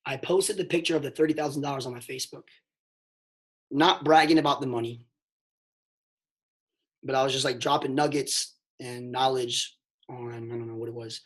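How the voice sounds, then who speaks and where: A man telling a motivational story on a mentorship call, emphatic and excitable, swinging between hushed and loud and calling listeners "bro". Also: medium pitch, moderate pace, long pauses. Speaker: network marketing mentor.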